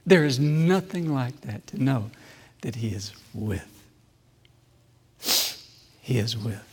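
A man preaching a sermon with personal testimony, swinging from loud emphasis to hushed, slow, repeated phrases. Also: mid-range voice, animated, in a large hall, a little hiss or hum.

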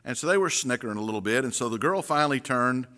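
A middle-aged man, a pastor telling a story and then reading scripture in a sermon, folksy and deliberate. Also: medium pitch, lively intonation, sharp tone. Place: church sanctuary. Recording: reverberant sanctuary.

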